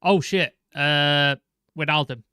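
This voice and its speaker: Male co-host, bright and forceful, muttered asides and casual swearing. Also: on the high side, takes it slowly, clear, resonant tone, no room sound, clean studio sound. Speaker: podcast co-host, quiz contestant. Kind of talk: casual chat.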